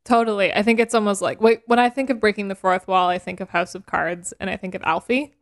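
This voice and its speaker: A woman's voice: mid-range voice, fairly even intonation, fast. A woman co-hosting a podcast in casual chat, retelling scenes animatedly and laughing as she talks. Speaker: podcast co-host.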